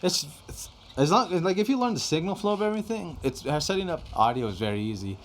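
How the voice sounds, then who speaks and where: A man's voice: a little high, lively intonation, quick pace, a little hiss or hum. A young man casually chatting on a podcast, rambling with lots of fillers and casual swearing. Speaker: podcast guest telling studio stories. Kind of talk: casual chat.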